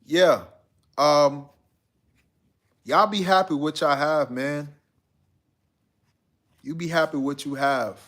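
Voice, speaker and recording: A man's voice: a little high, takes it slowly, pauses often, a bit bright. A man hosting a live stream, chatting casually and reading out viewer comments in a laid-back, slangy way. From United States.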